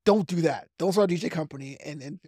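Comedian guy from new york, bit of brooklyn left in his accent, high voice, dry close mic, talks fast n lively. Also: husky, no room sound. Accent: softened Brooklyn. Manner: self-described fast talker. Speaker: comedian guest. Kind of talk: podcast interview.

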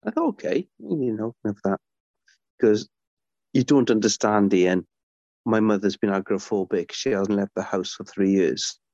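A man's voice: fairly low pitch, darkish tone, dry recording, lo-fi sound. Enthusiastic rambling middle-aged man. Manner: enthusiastic, rambling storyteller with many restarts. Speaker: guest, author. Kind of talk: conversational podcast interview.

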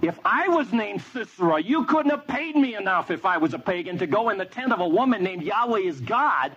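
A man's voice: sits high, very animated, brisk, a bit bright. A man preaching a sermon, telling a story with energy and quizzing the audience. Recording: dull lo-fi with faint noise.

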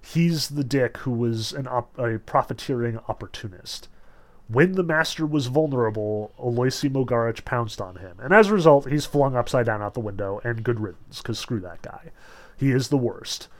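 A man's voice: mid-range voice, moderate pace. A man reading aloud from a novel and explaining it, blunt and casual in his asides, raising his voice when he quotes the characters. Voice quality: animated, swings into raised voices when quoting characters. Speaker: literature lecturer.

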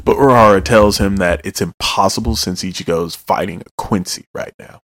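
Low-voiced man casually recapping manga. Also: brisk, fairly bright tone, no echo, clean studio sound. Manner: loose, joking, with profanity and asides.

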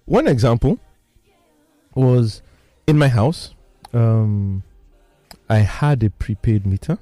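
A man, telling personal stories in casual talk as he explains a topic, animated and emphatic. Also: mid-range voice, takes it slowly, dry recording, soft background music. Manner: animated storyteller, lively and emphatic.

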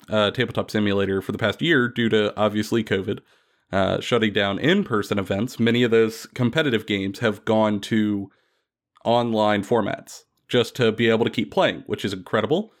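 A man hosting a casual gaming podcast, telling stories playfully with many fillers. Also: lowish voice. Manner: animated, playful storytelling with lots of fillers. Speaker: podcast host. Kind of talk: casual tabletop gaming chat.

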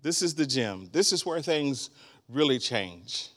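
Animated older male preacher. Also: mid-range voice, measured pace. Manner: animated preaching with laughter and shouts. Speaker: guest preacher. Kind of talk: sermon.

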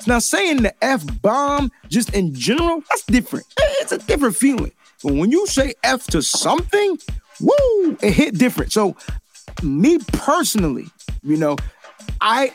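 A man hosting a casual sports talk show, talking in an animated, emphatic way and repeating his points. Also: very high-pitched.

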